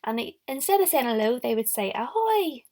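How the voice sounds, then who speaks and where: A woman's voice: fairly high pitch, sing-song, fairly quick, mellow. A young woman teacher giving a recorded lesson to young children, encouraging them and speaking straight to them. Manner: encouraging, talks directly to the children. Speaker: primary school teacher.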